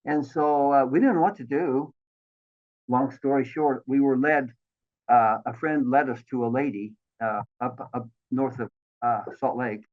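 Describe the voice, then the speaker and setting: A man in his sixties telling his life story as an interview guest, animated and acting out the voices of the people he quotes. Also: mid-range voice, unhurried. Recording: thin phone-like line.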